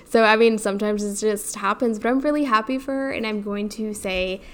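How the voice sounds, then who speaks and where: Podcast lady rambling casually, lots of likes and ums, mid pitch. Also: brisk. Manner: chatty, many "like" fillers. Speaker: podcast co-host. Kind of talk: casual chat.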